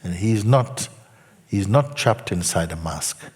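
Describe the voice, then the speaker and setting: Low husky man teaching in a hall. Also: expressive. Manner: unhurried storytelling, soft asides dropping near a whisper. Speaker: spiritual teacher. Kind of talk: storytelling spiritual talk to a group.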